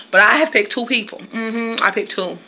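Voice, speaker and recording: A woman's voice: a little high, unhurried, pushed and bright. A woman teacher vlogging in a casual, playful chat, laughing often and breaking into bits of song. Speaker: teacher and video blogger. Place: at home, reading from her computer.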